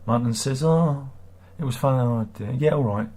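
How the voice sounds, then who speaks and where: A middle-aged man with a husky, slightly breathy voice. He rambles casually through a livestream and reads out viewer comments. His replies are sarcastic and teasing, at an ordinary, middling pitch. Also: moderate pace, warm tone. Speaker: livestream host.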